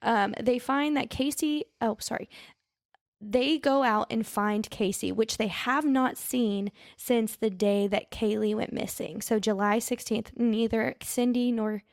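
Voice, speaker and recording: Chatty woman with a gravelly voice. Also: fairly high pitch, fairly even intonation, a little slow, no echo, clean studio sound. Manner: chatty, mixes up names and corrects herself. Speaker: podcast co-host. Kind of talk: casual true-crime storytelling.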